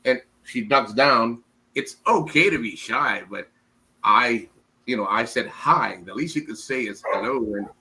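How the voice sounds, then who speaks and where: A man's voice: medium pitch, animated, measured pace, bright, forceful tone, a little hiss or hum, low-quality recording. A man from the United States talking as an interview guest in a casual chat, rambling, repeating words and acting out quoted women.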